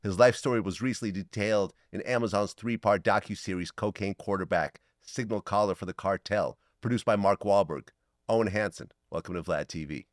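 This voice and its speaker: A man hosting an interview, asking brisk, leading questions. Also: fairly low pitch, dry recording, studio quality. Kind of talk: interview host.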